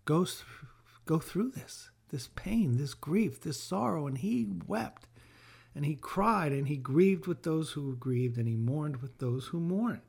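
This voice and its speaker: Earnest higher-voiced man teaching scripture. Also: gravelly, darkish tone, breathy edge. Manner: earnest, repeats phrases for emphasis. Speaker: podcast host and bereaved father.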